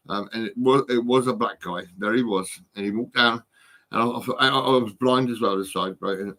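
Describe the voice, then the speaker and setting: A man's voice: medium pitch, bright, forceful tone. A man from the United Kingdom, recorded on a phone, delivering a rambling, profane, agitated monologue full of repetition. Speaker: vlogger.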